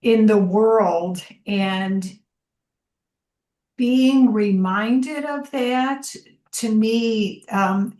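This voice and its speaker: A woman's voice: fairly high pitch, drawn-out words, darkish tone, roomy sound. A woman on a video call, sharing her thanks and reflections. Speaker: call participant.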